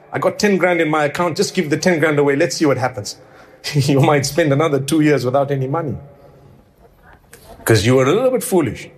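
Male preacher, sermon delivery, slightly high voice, chatty and pleading, rhetorical questions. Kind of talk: sermon to a live congregation.

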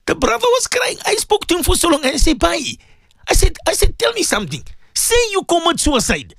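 A man's voice: extremely high pitch, huge pitch swings, brisk, a bit bright, no room sound, studio quality. A man hosting a radio talk show as a Muslim cleric, telling a story with emotion and religious phrases.

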